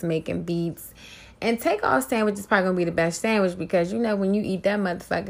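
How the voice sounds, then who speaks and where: A woman's voice: mid-range voice, vocal fry. A woman hosting her own podcast, riffing on celebrity gossip in a brash, profane, mocking way. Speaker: podcast host. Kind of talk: casual gossip commentary.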